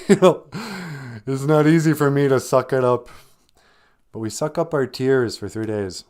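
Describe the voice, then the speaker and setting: A man hosting a live stream, talking casually about grief with gentle, self-deprecating humor while holding back tears. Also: medium pitch, a little slow, clear, resonant tone. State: close to tears.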